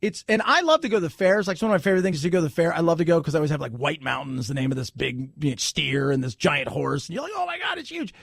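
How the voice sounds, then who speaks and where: A man hosting a talk radio show, ranting sarcastically and breaking into sudden shouts. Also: on the high side, racing, gravelly, hardly any pauses, dry recording, studio quality. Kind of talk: opinionated talk radio rant.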